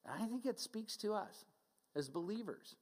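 A pastor delivers his sermon in an earnest, plain-spoken way, talking to his people as if across a table. His voice sits a little high for a man. The sound rings on with a long reverb from a big hall. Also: animated, normal speed. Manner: earnest, direct, conversational preaching with mocking asides.

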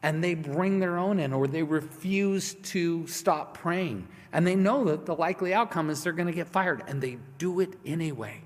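A man preaching a sermon as pastor, swinging from hushed, quiet lines to loud, passionate ones. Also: on the high side, moderate pace, few pauses. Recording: long reverb of a large hall.

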